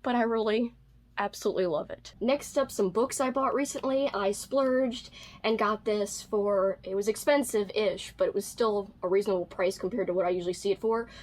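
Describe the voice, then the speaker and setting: A woman's voice: medium pitch, normal speed, darkish tone. A woman book vlogger chatting casually through a haul video, bubbly and gushing over cute things with a self-mocking streak.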